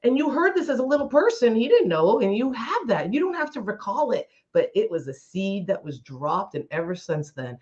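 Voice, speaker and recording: A woman's voice: a little high, big pitch swings, moderate pace, hardly any pauses, a little mellow. Female co-host, workshop-leader energy; emphatic, speaks straight to listeners, slightly muffled audio. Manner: emphatic, preachy, addresses listeners directly. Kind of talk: casual motivational chat. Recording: slightly dull lo-fi sound.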